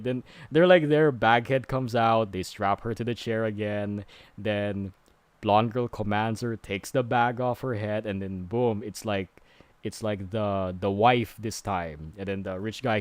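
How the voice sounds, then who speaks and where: A man's voice: lowish voice, no room sound. Rambling, exasperated streamer man. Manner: rambling, filler-heavy, exasperated. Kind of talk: casual movie recap.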